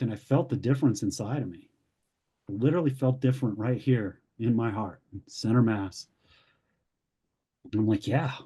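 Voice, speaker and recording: Guy telling his own healing story, warm mellow voice, candid and chatty, does little voices for people in it. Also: mid-range voice, breathy edge. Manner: candid storytelling, acts out quoted voices, occasional laughs. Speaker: ministry founder sharing his story. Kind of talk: personal testimony.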